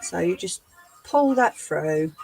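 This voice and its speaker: A woman hosting a live sewing tutorial, chatting to her viewers as she works, her voice going a little hoarse. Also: on the low side, expressive, slow pace, a little mellow, poor audio. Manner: chatty, talks to live chat while demonstrating. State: losing her voice. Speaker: craft livestream host.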